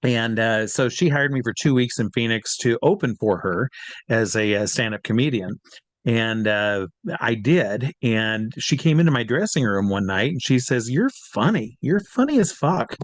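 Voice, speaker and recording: A man's voice: mid-range voice, moderate pace, dry recording. Rambling man telling stories, dry sound. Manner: rambling, many fillers and restarts; acts out quoted voices. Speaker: guest performer. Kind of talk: casual interview storytelling.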